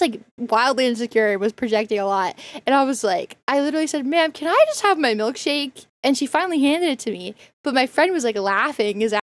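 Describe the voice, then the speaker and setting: A woman's voice: a little high, quick pace, few pauses, no room sound. A woman streamer reacting to a video, talking in a casual, rambling way with lots of fillers. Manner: rambling storyteller, many fillers. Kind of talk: casual chat.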